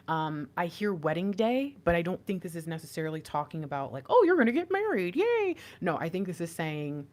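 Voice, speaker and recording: A young woman giving an intuitive tarot reading, rambling and excitable, often trailing off and laughing. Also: sits low. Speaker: tarot reader.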